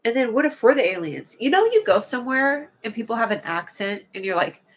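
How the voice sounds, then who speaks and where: A woman's voice: on the high side, big pitch swings, quick pace, few pauses. Rambling playful woman on a lo-fi livestream. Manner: rambling, playful, reads chat aloud. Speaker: livestream host. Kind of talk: casual livestream chat. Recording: lo-fi, dull sound.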